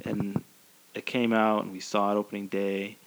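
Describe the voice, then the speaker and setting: A man's voice: lowish voice, little pitch movement, moderate pace, vocal fry. A man and father of two co-hosting a podcast, laid-back and laughing easily in casual chat. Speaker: podcast co-host.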